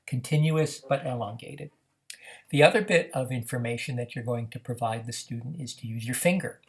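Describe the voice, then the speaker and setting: A man teaching how to run a reading activity, explaining in a measured way with frequent "uh" fillers. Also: medium pitch, vocal fry. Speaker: reading program instructor. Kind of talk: instructional demonstration.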